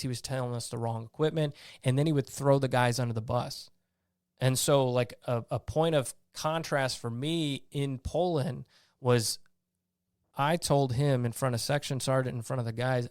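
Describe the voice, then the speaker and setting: Speaking at a normal speed with a medium pitch, this man is an army veteran being interviewed as a guest. He recounts his stories bluntly and casually, salty in tone, and acts out his own earlier words and those of others. The studio-quality audio has no echo.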